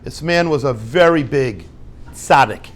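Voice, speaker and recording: A man giving an informal Torah talk to a group, lively and conversational, acting out little dialogues and dropping Hebrew and Yiddish words. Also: medium pitch, measured pace. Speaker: rabbi teaching a class.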